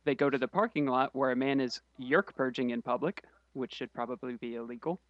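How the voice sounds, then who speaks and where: A man co-hosting a casual podcast walks through a book's plot, tossing in dry, wry asides as he goes. His voice sits in an ordinary middle pitch. The recording is close and dry, with almost no room sound. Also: no room sound, lo-fi sound. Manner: quick summary delivery with wry asides. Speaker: podcast co-host summarizing a book.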